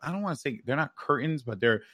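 A man from New York telling a childhood story on a podcast, animated and profane, tossing in "right?" as he goes. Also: medium pitch, fast, no echo, clean studio sound. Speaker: podcast co-host. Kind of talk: casual storytelling chat.

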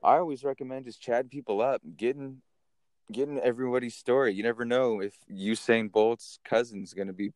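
A man hosting a podcast, telling stories in a casual, animated way and swearing now and then. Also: mid-range voice, no echo, clean studio sound. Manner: animated, chatty storyteller who swears casually. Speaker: podcast host. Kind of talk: casual storytelling.

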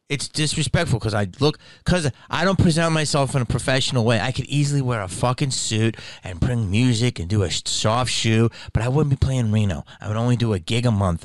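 A man's voice: mid-range voice, no echo. A man who is a stand-up comedian, ranting to camera in a profane, heated and indignant way.

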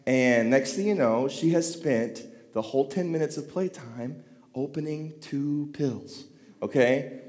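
Man, pastor, thirties, animated sermon storytelling, self-deprecating humor, average pitch, long hall reverb. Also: measured pace.

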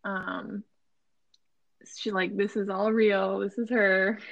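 A young woman with a Minnesotan accent chatting casually as a podcast co-host, full of fillers and quick laughs. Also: mid-range voice, flat delivery, creaky, dry recording, poor audio. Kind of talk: casual chat.

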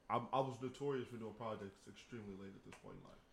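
A man co-hosting a podcast, telling a profane story with animated energy. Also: fairly low pitch, fast, gravelly, hardly any pauses, slight background noise. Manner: animated, profane storyteller who acts out the scenes. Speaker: podcast co-host. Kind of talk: casual chat, telling a funny story.

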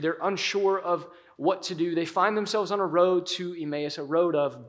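A pastor preaching a sermon in an animated, conversational way, dropping into dramatic pauses. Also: male voice, high voice.

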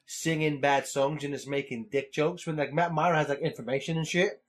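A man's voice: a little high, steady tone, brisk. A young man co-hosting a podcast in casual chat, rambling with lots of fillers and swearing. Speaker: podcast co-host.

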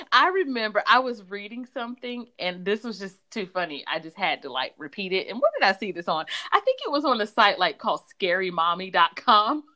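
A woman co-hosting a podcast in casual chat, laughing often and talking with lively swings. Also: medium pitch, normal speed. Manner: animated, laughs often, Southern-style "y'all". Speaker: podcast co-host.

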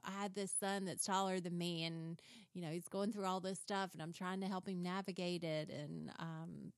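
A woman's voice: lowish voice, fairly even intonation, normal speed, dry recording, clean studio sound. A woman in her thirties hosting a podcast, bubbly and laughing often as she chats. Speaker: podcast host. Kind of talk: casual chat.

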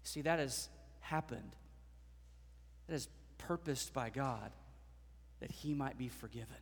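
A man preaching a sermon as pastor, swelling into dramatic, loud passages and acting out voices from the stories. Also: medium pitch, a little slow, slightly rough, in a large hall.

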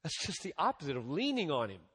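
A man preaching a sermon as a pastor, with emphatic rises and drops in loudness and a slow, deliberate delivery. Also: a little high, wildly swooping pitch, slightly rough. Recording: long reverb of a large hall.

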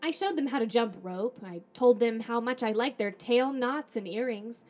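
A woman's voice: on the high side, normal speed, soft background music. Woman reading a storybook aloud. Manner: animated first-person storytelling with acted dialogue. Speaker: podcast host reading a storybook.

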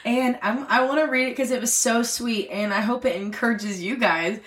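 A woman's voice: on the high side, normal speed, fairly bright tone. A young adult woman co-hosting a podcast, chatting earnestly and laughing often. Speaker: podcast co-host. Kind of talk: casual chat.

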